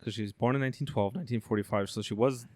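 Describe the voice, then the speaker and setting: A laid-back man chats and jokes on a casual podcast, with a middle-pitched voice and frequent laughter. The recording is close and dry. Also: very fast, darkish tone, no room sound. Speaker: podcast co-host. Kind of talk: casual chat.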